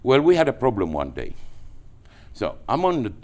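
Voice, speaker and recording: A man from Greece with a Greek accent, telling business anecdotes as a guest, animated and full of restarts. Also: medium pitch, moderate pace. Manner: animated, with frequent restarts and repetitions. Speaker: entrepreneur guest. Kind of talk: anecdotal storytelling.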